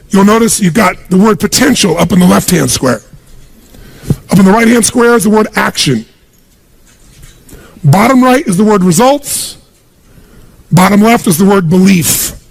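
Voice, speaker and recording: A man delivering a motivational seminar in a gravelly, raspy voice that sits a little high for a man. He speaks with emphatic punch. He keeps throwing quick questions at the crowd for them to answer. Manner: emphatic, punchy, quizzes the audience with call-and-response questions. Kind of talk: live motivational seminar speech.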